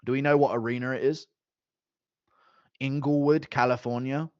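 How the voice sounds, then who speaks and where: A young man reading and answering viewer chat on a casual live stream, animated and joking, with some mild swearing. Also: medium pitch, normal speed, clean tone, no room sound, lo-fi sound.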